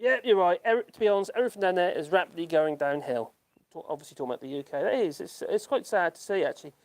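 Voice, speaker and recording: A man's voice: high-pitched, expressive, rapid-fire, darkish tone. A man chats through a casual live stream from his home, reading viewer comments as they come in. He rambles along in a self-deprecating way, laughs at himself often and keeps stopping to restart his sentences. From United Kingdom. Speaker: YouTube channel host. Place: at home in rural France.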